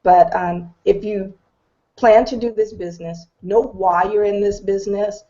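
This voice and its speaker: A woman's voice: mid-range voice, steady tone, unhurried, warm tone, highs cut off. A middle-aged woman giving an earnest, determined personal testimony on an online video call. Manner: earnest, determined, candid storytelling. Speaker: business testimonial speaker.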